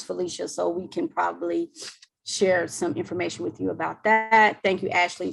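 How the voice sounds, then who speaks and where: A woman's voice: fairly low pitch, creaky, breathy edge, low-quality recording. A woman presenter on a video call, wrapping up questions in a chatty way with many ums, her voice worn from talking all day. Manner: chatty, warm thanks, trails off with ums. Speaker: webinar presenter. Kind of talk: casual Q&A wrap-up on a video call.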